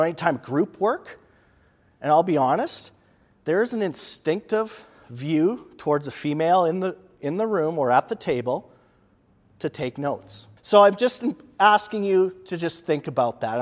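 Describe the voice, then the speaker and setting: Male presenter, slightly high voice, chatty and emphatic, repeats for stress; long hall reverb. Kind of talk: leadership lecture to an audience.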